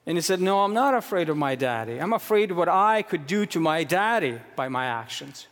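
A man preaching a sermon in earnest, moving between hushed low stretches and raised, emphatic questions. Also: very animated, moderate pace. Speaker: pastor. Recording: long hall reverb.

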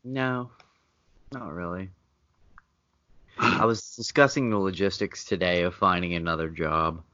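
Wisecracking low-voiced podcast co-host. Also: male voice, unhurried, bright, forceful tone, no echo. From Pennsylvania. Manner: wisecracking, casual. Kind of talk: crude comedic podcast banter. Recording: dull lo-fi podcast audio.

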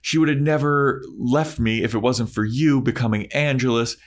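Guy doing a petty lovesick vampire dude, whiny and swearing, voice pushed up higher. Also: animated, unhurried. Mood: petulant.

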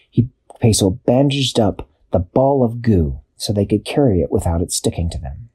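A man narrating an improvised children's story in an expressive, drawn-out storytelling manner. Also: fairly low pitch, breathy edge. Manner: expressive, drawn-out storytelling with sound-effect pauses.

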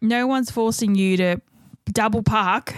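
A woman's voice: a little high, unhurried, no room sound. A woman, chatting casually as a podcast co-host and telling stories animatedly with acted-out quotes. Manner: animated storytelling, acts out quotes, swears casually. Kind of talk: casual chat.

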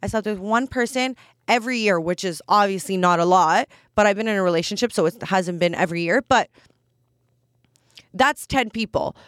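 A woman in her twenties hosts a casual solo podcast, speaking candidly and bluntly with plenty of "like" fillers. Her mid-range voice is clear and resonant at a normal speed. The recording is dry and studio quality.

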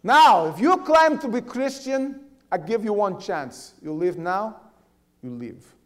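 A man voicing a menacing armed Russian soldier in a put-on Russian accent, loud and clipped. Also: high-pitched, big pitch swings, slow pace, voice pushed up, full character voice. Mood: threatening. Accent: mock Russian.

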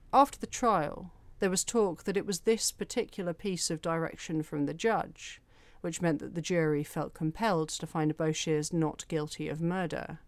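A woman hosting a podcast, reading a scripted true-crime story in a measured, even way with careful detail. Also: low-pitched, no room sound. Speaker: podcast host.

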